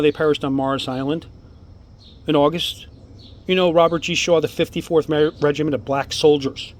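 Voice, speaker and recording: A man excitedly showing his stone collection to the camera, rambling from one topic to the next in a casual monologue. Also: on the high side, a little hiss or hum. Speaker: amateur artifact collector. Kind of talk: casual show-and-tell monologue.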